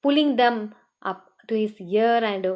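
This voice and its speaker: A woman teacher leads a scripture class, retelling old battle stories and voicing the characters' words with many small restarts. Her voice sits slightly high, and the recording is dull and a little muffled. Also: unhurried.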